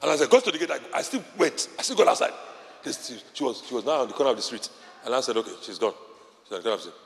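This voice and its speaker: Racing through his sermon in a large church auditorium, a male pastor speaks in a gravelly mid-range voice with big pitch swings. He preaches intensely with short repeated phrases, accompanied by long hall reverb and faint music.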